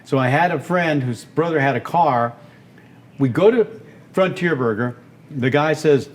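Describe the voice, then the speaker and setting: A man in his seventies from Texas, an animated storyteller and voice actor being interviewed on a podcast. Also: a little high, measured pace. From Texas, United States. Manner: animated, breaks into character voices. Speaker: guest, voice actor and radio host.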